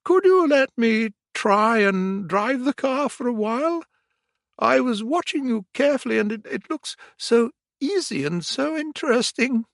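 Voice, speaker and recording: A man voicing a boastful, excitable male toad in a storybook reading, high and breathless. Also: a little slow, creaky, no echo, studio quality, full character voice. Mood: sly.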